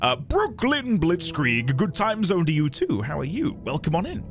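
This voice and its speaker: A man's voice: fairly high pitch, wildly swooping pitch, moderate pace. A young man streaming a game, chatting casually and reading his viewers' messages aloud with playful mock outrage. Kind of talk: casual live-stream chat greeting viewers. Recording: faint music underneath.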